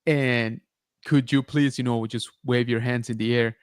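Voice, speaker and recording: Man podcast host, mid pitch, loose storytelling, dead dry close mic. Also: measured pace, clean tone, no room sound. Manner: animated retelling, many filler likes and rights. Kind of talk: casual storytelling chat.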